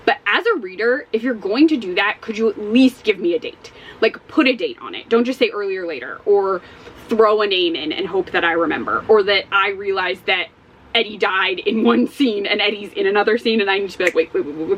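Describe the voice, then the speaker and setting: A woman giving a casual spoken book review as a vlogger, animated and exasperated, swearing often. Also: medium pitch, fairly quick, highs cut off, a little hiss or hum.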